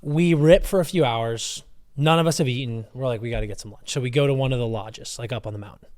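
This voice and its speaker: A young man co-hosting a podcast, telling a story in an animated, casual way and swearing freely. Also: medium pitch, a little fast. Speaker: podcast co-host. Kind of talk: casual chat.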